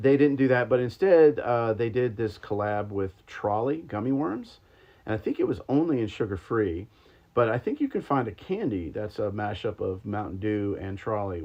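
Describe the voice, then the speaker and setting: A man hosting a livestream, chatting casually and rambling with lots of ums and likes while taste-testing sodas. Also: fairly low pitch. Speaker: podcast host. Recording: slightly dull lo-fi stream audio.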